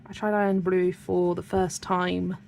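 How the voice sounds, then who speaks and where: Chatty British woman, slightly gravelly. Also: lowish voice, level tone, unhurried, a little mellow, a little hiss or hum. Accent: British English. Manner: chatty, giggly, reads out viewer comments. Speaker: colouring channel host. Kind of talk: casual livestream chat while colouring.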